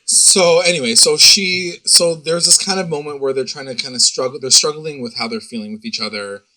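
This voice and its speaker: A man's voice: a little high, a little fast, pushed and bright, low-quality recording. A man co-hosting a podcast, recapping an episode in rambling casual chat and swearing freely. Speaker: podcast co-host.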